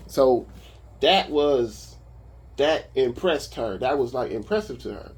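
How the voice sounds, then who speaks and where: A man casually telling a story about his own life, animated and full of profanity. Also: medium pitch, unhurried, breathy edge. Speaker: vlogger.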